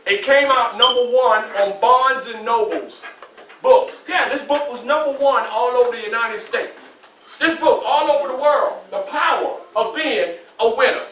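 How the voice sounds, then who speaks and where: A man's voice: very high-pitched, measured pace, pushed and bright, a little hiss or hum. A man in his sixties with a Southern US accent, a motivational speaker addressing students in a preacherly call-and-response way with folksy asides. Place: school hall. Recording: echoey room from far off.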